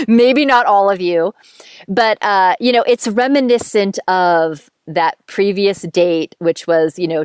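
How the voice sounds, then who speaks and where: Candid chatty woman, low and dry. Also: clean tone, dry recording. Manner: candid, chatty, swears freely, self-mocking. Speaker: podcast host telling a dating story. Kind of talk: casual storytelling monologue.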